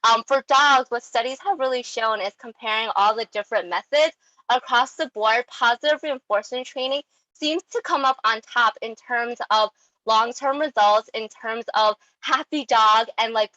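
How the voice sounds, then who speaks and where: A young woman giving a casual online talk on dog training, chatty and animated, with many ums and likes. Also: on the high side, dry recording, dull audio.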